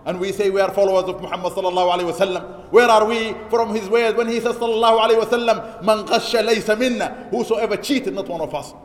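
A man with a high, quick voice delivers an Eid sermon in a large mosque hall, his words ringing with long reverb. He exhorts the congregation, repeating key lines for emphasis and rattling off Arabic verses at speed. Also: fairly even intonation. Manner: chants Arabic scripture quotes quickly. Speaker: imam preaching.

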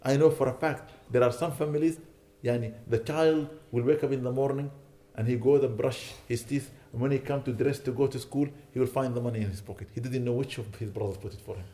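Earnest preaching man, mellow voice. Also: mid-range voice, fairly even intonation, fairly quick, hardly any pauses. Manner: earnest, pleading, rising to indignant emphasis. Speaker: imam. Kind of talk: sermon.

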